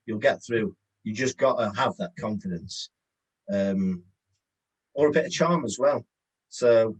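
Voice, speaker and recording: A man's voice: lowish voice, breathy edge, poor audio. An English man giving a chatty online sales workshop, talking conversationally and acting out phone calls. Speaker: webinar presenter.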